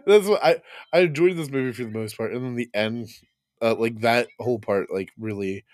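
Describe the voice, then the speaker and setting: A man's voice: mid-range voice, a little fast, a little mellow, no room sound, studio quality. A man hosting a podcast in casual chat about a film, laughing often and acting out scenes in quotes. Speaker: podcast host. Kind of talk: casual movie review chat.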